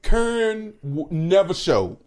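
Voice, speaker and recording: A man's voice: sits high, big pitch swings, takes it slowly, darkish tone. A man co-hosting a podcast from home, chatting casually, profane and laughing often. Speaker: podcast co-host. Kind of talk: casual chat.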